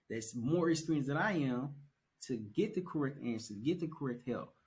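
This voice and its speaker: A young man on a podcast, chatting casually and telling his story with animated emphasis and repeated phrases. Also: mid-range voice. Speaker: podcast guest. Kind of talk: casual conversation.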